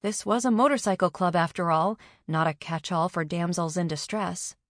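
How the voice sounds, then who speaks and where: A woman with a low voice reads a first-person audiobook in a measured, even manner. The recording is close and dry, with no room sound.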